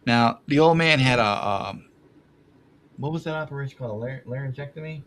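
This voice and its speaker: A man's voice: medium pitch, fairly quick, fairly bright tone. A man telling rambling family stories on a podcast, laughing often at himself. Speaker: podcast guest. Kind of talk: casual storytelling.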